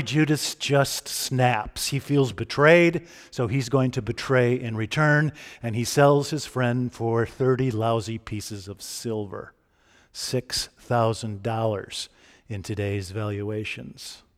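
Man preaching a conversational sermon. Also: mid-range voice. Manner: conversational, asks the listeners direct questions.

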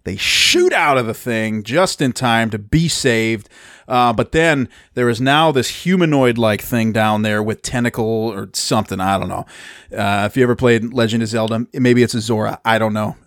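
A man's voice: medium pitch, moderate pace, a bit bright, no room sound, clean studio sound. A man casually recapping a movie plot on a podcast, rambling, self-deprecating and laughing often. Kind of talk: casual chat.

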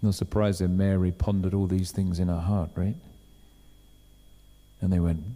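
A man's voice: sits low, flat delivery, normal speed, dark tone, long reverb tail. A man preaching a sermon in a chatty, storytelling way, acting out the voices of the people he describes. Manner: conversational, acts out quoted voices.

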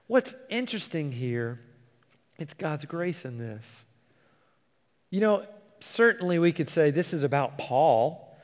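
A man preaching a sermon, reading scripture slowly and earnestly and explaining it to a congregation. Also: a little high, expressive. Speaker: pastor. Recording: long hall reverb.

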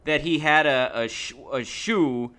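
A man co-hosting a podcast in casual chat, telling joking anecdotes in an animated way. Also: on the high side, measured pace. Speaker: podcast co-host.

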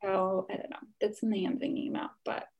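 A young woman joins a podcast as a guest, speaking at an ordinary pitch. She talks casually and hesitantly, trailing off often and filling gaps with 'like' and 'um'. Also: little pitch movement, fast talker, a little mellow. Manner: hesitant, trailing off, many fillers. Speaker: guest, illustrator. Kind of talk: casual chat.

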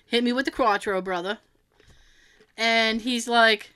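Speaking at normal speed in a voice on the high side, a woman recounts a funny story while chatting casually. She animatedly acts out others' quotes and laughs a lot along the way.

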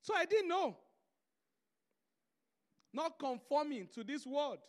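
A man's voice: very high voice, very animated, slow pace. A man preaching a sermon, telling stories and driving his points home through emphatic repetition.

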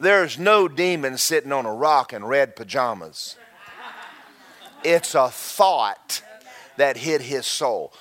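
A man preaching a sermon, folksy and animated, repeating himself and breaking into shouted asides. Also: mid-range voice, slow pace. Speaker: pastor.

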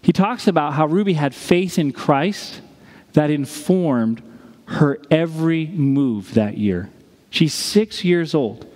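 A man preaching a sermon as a pastor, telling a story with dramatic pauses. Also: on the high side, lively intonation, a little mellow, long reverb tail.

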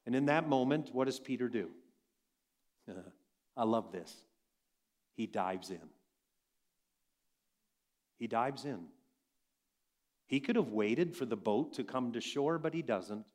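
A man preaching a sermon, swinging between loud emphatic passages and quiet hushed lines. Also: medium pitch, expressive, normal speed. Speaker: pastor.

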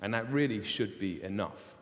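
A man preaching a sermon, telling the story lively and acting out the dialogue. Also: lowish voice, normal speed. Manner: animated storytelling with acted-out dialogue. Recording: long hall reverb.

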